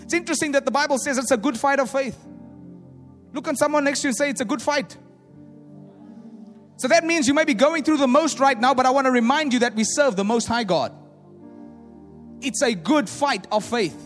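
A high-pitched male preacher, booming through a big reverberant hall with faint music underneath. He preaches with animated energy, acting out doubters' voices and swinging between loud declarations and hushed asides. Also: a little fast, long pauses. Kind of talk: sermon.

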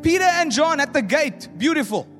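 High-voiced preacher in an echoing hall. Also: male voice, normal speed. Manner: animated, acts out voices of doubters, swings from loud to hushed. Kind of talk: sermon. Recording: echoey hall with faint music.

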